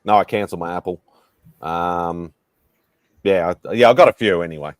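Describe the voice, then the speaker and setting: A man's voice: deep voice, normal speed, no echo. A man chatting casually on a panel, hesitant and rambling with many fillers. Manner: rambling, hesitant, lots of ums. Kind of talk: casual online hangout chat.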